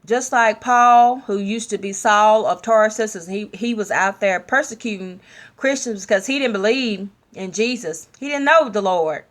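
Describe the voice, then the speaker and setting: A woman sharing a personal testimony in a sermon style, speaking openly and leaning slowly into her key phrases. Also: on the high side. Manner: slow, drawn-out emphasis, candid and personal.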